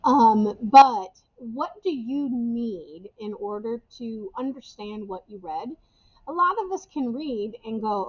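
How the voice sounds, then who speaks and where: Woman English teacher, casual and chatty, slightly high voice, muffled camera audio. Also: lively intonation, moderate pace, darkish tone. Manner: casual, chatty, repeats key phrases. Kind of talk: recorded class instructions for remote students. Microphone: webcam or camera microphone.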